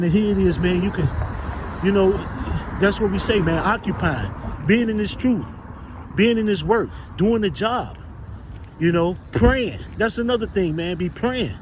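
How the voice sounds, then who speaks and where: Rambling street preacher man, noisy outdoors. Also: sits high. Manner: rambling, searching for words, cursing, addresses listeners as man and brothers. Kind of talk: informal exhortation.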